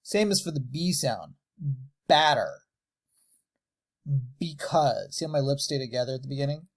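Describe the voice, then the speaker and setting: A man teaching animation lip sync, slowly and deliberately sounding out letters and words with exaggerated mouth shapes. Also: medium pitch, animated. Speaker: animation tutor. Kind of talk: tutorial, demonstrating mouth shapes on camera.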